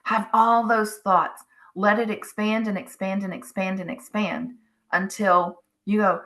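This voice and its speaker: A middle-aged woman speaks slowly and gently as she guides listeners through letting go of their frustration. Her tone is bright and forward. Now and then she slips into the voice of someone's inner thoughts. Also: medium pitch, fairly even intonation. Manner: slow, soothing, acts out inner voices. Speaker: spiritual wellness channel host. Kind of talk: guided self-help talk.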